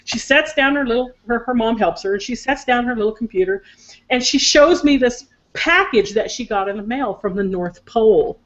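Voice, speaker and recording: A woman's voice: on the high side, animated, normal speed, highs cut off. Chatty older woman, emotional storyteller. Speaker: psychic show co-host. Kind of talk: casual chat on a live video call. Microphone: video call.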